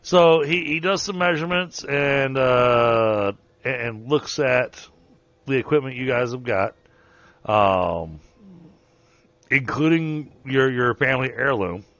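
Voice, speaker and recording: A man narrating as game master of a tabletop game, halting and full of fillers, over a dull online call. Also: mid-range voice, a bit bright, no room sound.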